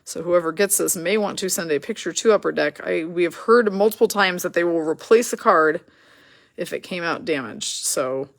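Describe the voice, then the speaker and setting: A woman's voice: fairly low pitch, moderate pace. A woman hosting a live card break, rattling off names and teams in a chatty way and laughing at her own slips.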